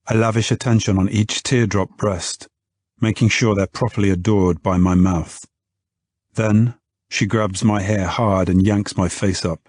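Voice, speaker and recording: A man narrating a romance audiobook in the first person, with an intimate, unhurried delivery. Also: lowish voice, a little mellow, dry recording.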